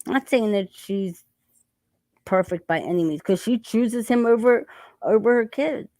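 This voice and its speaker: A woman's voice: a little high, a little slow, a little mellow, no echo. A woman hosting a casual chat, talking while eating and laughing often. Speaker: channel host.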